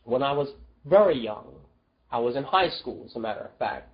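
A preacher delivering an emotional, pleading sermon full of rhetorical questions, dropping low and soft at tender moments. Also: animated, brisk, lo-fi sound.

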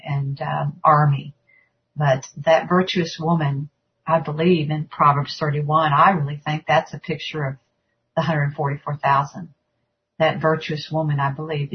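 A woman's voice: low-pitched, husky. A woman in a religious discussion, reflecting aloud on scripture in a musing way, on a dull lo-fi recording. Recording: dull lo-fi sound.

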